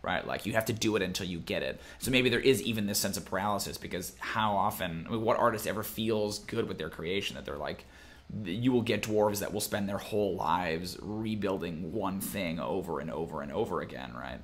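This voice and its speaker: Hosting a laid-back game-design stream, a young Minnesota man acts as game master, working through viewer comments and thinking out loud, full of fillers and restarts. He talks briskly in a low-sitting voice.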